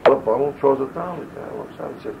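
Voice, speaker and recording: A man's voice: medium pitch, fast. An older man telling rambling wartime stories in an oral-history interview, often acting out the people he quotes. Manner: loose, digressive, acts out quoted voices. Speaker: interviewee, army veteran. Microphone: home audio recorder. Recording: lo-fi old tape with faint hiss.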